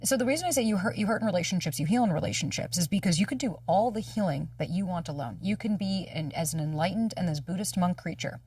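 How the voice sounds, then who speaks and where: A woman dating coach telling a personal story in candid conversation, animated and casually swearing as she acts out dialogue. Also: on the low side, fast, hardly any pauses, slightly rough, no echo, recorded from a distance. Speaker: dating coach and podcast guest.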